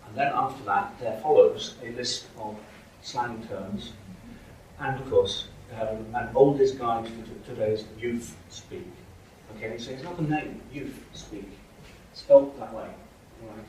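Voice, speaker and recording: A man's voice: mid-range voice, measured pace, darkish tone, recorded from a distance, a little hiss or hum. Middle-aged man lecturing in an echoey hall. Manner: hesitant, many ums and restarts. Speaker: linguistics lecturer. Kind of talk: university lecture. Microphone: room mic from a distance.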